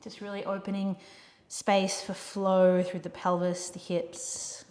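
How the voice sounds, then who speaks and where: A woman leading a yoga class, giving gentle, encouraging cues for poses and breaths. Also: medium pitch, little pitch movement, takes it slowly. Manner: gentle encouraging cues, calls students "my friends" and "yogis". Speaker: yoga instructor. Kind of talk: guided yoga class instruction. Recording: echoey room with long reverb.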